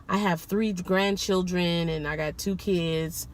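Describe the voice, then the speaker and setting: A woman voicing a sweet middle-aged Caribbean mother who dotes on her son, in an imitated Caribbean accent and a soft, gentle voice. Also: lowish voice, steady tone, slow pace.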